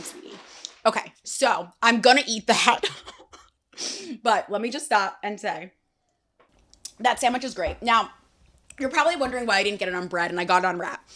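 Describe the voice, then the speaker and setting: With a medium pitch and sharp tone, this young podcast host chats eagerly about food on her solo show, eating as she goes and talking to her cat between bites.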